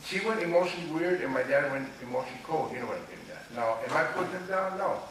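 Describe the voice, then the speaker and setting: A man of around 60 from Los Angeles, an author telling candid personal stories in an interview, animated and confiding and often checking that the listener follows. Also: fairly high pitch, very fast. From Los Angeles, USA. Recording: echoey room, distant mic, noisy ambience.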